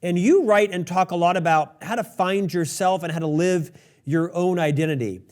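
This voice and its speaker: Guy hosting an interview show, calm measured questions, kinda high voice. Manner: measured, sets up questions with a quote. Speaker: podcast host.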